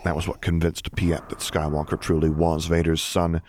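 Deep-voiced man narrating a story. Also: noisy background. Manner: steady, measured storytelling. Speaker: audiobook narrator. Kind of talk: scripted narration.

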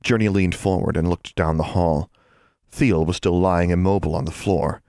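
A man narrating an audiobook in an even, measured storytelling manner. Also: low-pitched, dry recording, studio quality.

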